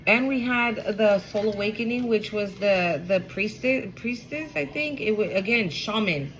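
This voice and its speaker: A woman's voice: mid-range voice, lively intonation, measured pace, a bit bright, rough recording. A woman giving a casual, emotional spiritual card reading to her viewers, repeating herself and swearing now and then. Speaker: tarot reader.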